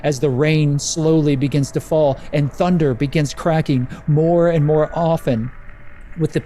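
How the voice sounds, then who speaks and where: Man game master, mellow voice, slow brooding horror narration, faint background noise. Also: a little high, steady tone. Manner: slow, atmospheric descriptive narration.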